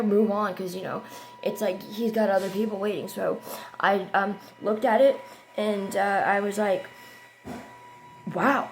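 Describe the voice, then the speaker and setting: Chatty woman with a gravelly edge. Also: medium pitch, slight background noise. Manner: chatty and excitable, drifting between hushed and loud. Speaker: vlogger telling a story. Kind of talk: casual storytime.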